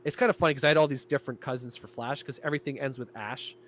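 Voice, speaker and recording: A man in casual chat, telling a lively story about directing his show and acting out quoted lines. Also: mid-range voice, very fast. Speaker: guest, creator and director of an audio show.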